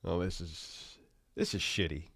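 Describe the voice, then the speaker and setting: Man streaming with a head cold, stuffy nose, swearing and rambling, low voice, dry close sound. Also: fairly even intonation, a little slow, gravelly, fairly bright tone, husky, dry recording. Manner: profane, rambling, loose. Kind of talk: casual livestream rant.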